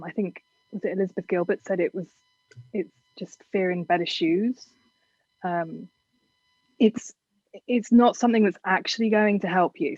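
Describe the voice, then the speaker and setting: A woman's voice: lowish voice, no echo, highs cut off. A woman from England with a generic southern English accent, giving frank, chatty advice as an interview guest. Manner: frank, chatty, self-deprecating.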